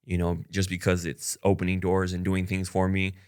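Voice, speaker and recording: Speaking in a deep, monotone voice with a clean tone and at normal speed, a young male content creator opens up about his breakup. It's candid personal vlog talk: long, frank, rambling, and packed with "like" and "you know."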